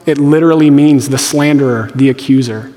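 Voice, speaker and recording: A male pastor delivers a sermon in a relaxed, conversational style, slipping into playful voiced asides. His voice sits at an ordinary pitch and carries a long reverb from the church hall around him. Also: a little fast.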